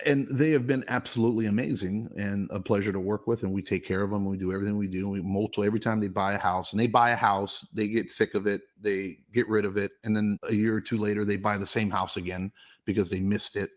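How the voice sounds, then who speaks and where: A middle-aged man, a podcast host, telling a story in casual chat, animated and cursing freely. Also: fairly low pitch.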